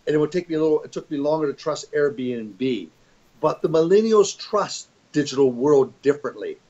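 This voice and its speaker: A man's voice: fairly high pitch, animated, normal speed, warm tone, dull audio. An older man giving an interview as a fund executive, talking in a rambling, emphatic way with many restarts. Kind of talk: conversational interview.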